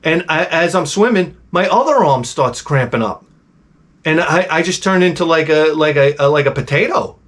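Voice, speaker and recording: Man with a slightly high voice telling a rambling story. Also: normal speed. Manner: rambling, animated, with swearing and restarts. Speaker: host. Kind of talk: casual personal storytelling.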